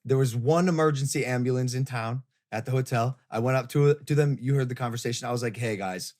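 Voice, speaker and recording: A man hosting a casual podcast chat, telling an animated story full of swearing, recorded in a hotel room while traveling. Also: mid-range voice, quick pace. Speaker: podcast host.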